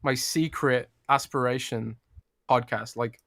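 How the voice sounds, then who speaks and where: A man's voice: mid-range voice, steady tone, measured pace, a bit bright, no room sound. British guy rambling on a gaming podcast, mid voice, dry close mic. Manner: chatty, laughing, rambling. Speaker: podcast co-host. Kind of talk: casual chat.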